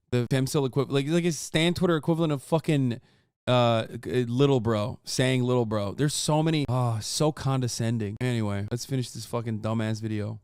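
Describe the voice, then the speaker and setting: A man's voice: mid-range voice, a little mellow, smooth, dry recording, clean studio sound. A man in his thirties ranting and joking sarcastically as he reacts to a video, swearing often. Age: 30s. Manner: profane, sarcastic, heated ranting. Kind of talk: casual reaction commentary.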